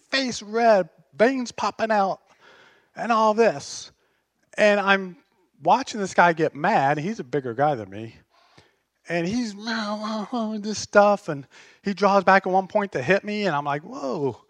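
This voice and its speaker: Bright-voiced, slow, passionate male preacher. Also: sits high, no echo. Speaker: pastor. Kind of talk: sermon.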